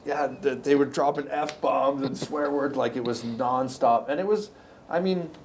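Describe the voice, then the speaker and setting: A middle-aged Canadian man swaps stories from his years in construction, looping back on himself and restarting sentences as he goes. His voice sits at an ordinary middle pitch, with a faint hiss underneath it. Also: unhurried, a little mellow. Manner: rambling, anecdotal, frequent restarts. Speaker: podcast guest, construction company owner. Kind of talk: casual storytelling.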